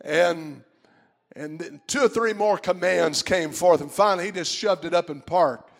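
Gravelly preacher, high-pitched. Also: male voice, moderate pace. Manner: builds from quiet storytelling to shouted preaching. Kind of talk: sermon.

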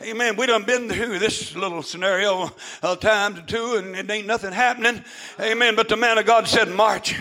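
A male pastor, preaching a fervent shouted sermon to his congregation, peppered with "amen" and "uh". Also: high-pitched, fairly even intonation, moderate pace, poor audio. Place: church with congregation.

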